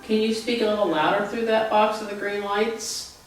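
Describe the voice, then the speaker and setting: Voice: mid-range voice, steady tone, normal speed. A paranormal investigator calling out to spirits in an old seminary building during a ghost hunt, coaxing them and explaining the gadgets set out for them. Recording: roomy echo, faint background hiss.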